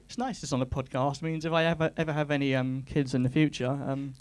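Deadpan stand-up comic. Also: male voice, a little high, fairly quick, a little hiss or hum. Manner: deadpan, self-deprecating, pedantic. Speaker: stand-up comedian. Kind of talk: stand-up comedy set.

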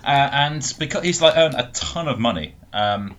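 A man chatting on a podcast with a sharp, bright voice that swings widely in pitch. He teases the others and laughs easily. A faint hiss sits under the recording. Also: animated, moderate pace. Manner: joking, teasing, laughs often. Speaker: podcast co-host. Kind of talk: casual comedic chat.

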